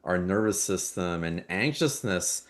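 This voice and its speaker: A man's voice: low-pitched, expressive, a little slow. A man hosting a live spiritual call, affirming and encouraging, reading out offers and calling on callers. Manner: affirming, soft-spoken, encouraging. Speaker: host.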